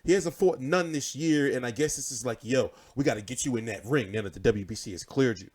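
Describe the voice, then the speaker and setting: A man's voice: medium pitch, a little fast, breathy edge. A young man hosting a boxing show, swearing freely and telling stories with animation. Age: 20s. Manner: profane, animated storytelling. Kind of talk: casual livestream chat.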